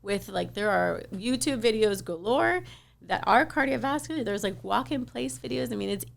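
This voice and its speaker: A woman's voice: on the high side, lively intonation, normal speed, vocal fry. A woman cardiologist talking frankly in a podcast interview, often quoting her patients. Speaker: cardiologist guest. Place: South Florida.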